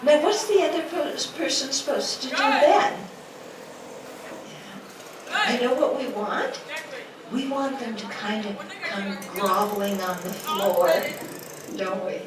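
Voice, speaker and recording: An expressive woman with a fairly high pitch gives a dharma talk a little slowly. She is a Buddhist teacher in a lecture room who asks rhetorical questions and acts out quotes playfully for her audience. Noise and echo come through, since the recording was made from a distance.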